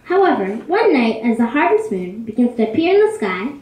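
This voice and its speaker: A woman narrating a children's story in an expressive, lively way. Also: on the high side, a little fast. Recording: echoey room.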